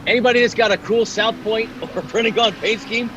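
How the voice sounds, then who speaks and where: A man guesting on a racing stream, goofy and excitable, cheering cars on loudly. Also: sits high, fast talker, muffled recording. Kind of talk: casual chat while watching a sim race. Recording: distant mic with loud noise.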